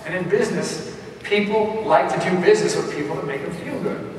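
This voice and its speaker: Energetic man keynoting in an echoey hall. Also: sits high, a little fast, slight background noise. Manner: energetic, punchy, addresses the crowd directly. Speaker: motivational keynote speaker. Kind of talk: live motivational keynote. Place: large event hall. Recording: echoey hall recorded from far off.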